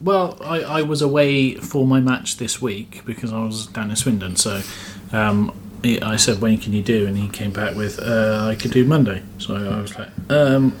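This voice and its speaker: Deadpan mid-pitched male co-host. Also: moderate pace, slight background noise. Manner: dry, deadpan humor. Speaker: podcast co-host. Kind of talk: casual banter.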